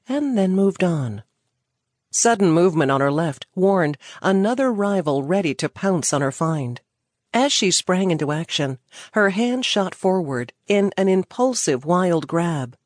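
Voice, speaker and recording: A woman narrating a short story in an expressive, dramatic manner. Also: fairly low pitch, dry recording, clean studio sound.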